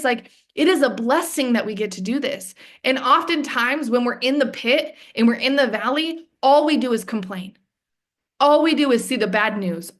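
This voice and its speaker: Earnest, fairly high-voiced woman on a video call. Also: fairly bright tone. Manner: earnest, heartfelt. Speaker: guest speaker. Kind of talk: testimony on a Zoom call.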